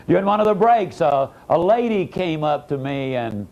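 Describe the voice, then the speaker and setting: A man's voice: fairly high pitch, very animated, normal speed, creaky, highs cut off. Dramatic man giving a motivational speech. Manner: dramatic, with wide swings between emphatic and hushed phrases. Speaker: motivational speaker.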